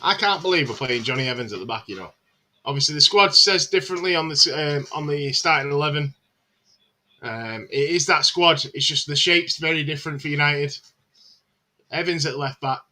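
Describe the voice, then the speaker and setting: A man with a very bright, forceful voice, pitched a little high, hosting a live match watchalong. He chats casually, calls the action and answers viewers' comments with plenty of filler words. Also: fairly quick. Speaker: live-stream host.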